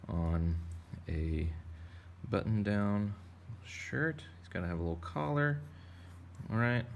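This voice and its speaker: An art teacher gives kids a casual drawing lesson, sketching slowly while joking and rambling playfully. His low voice has a gravelly edge, with a faint hum in the background.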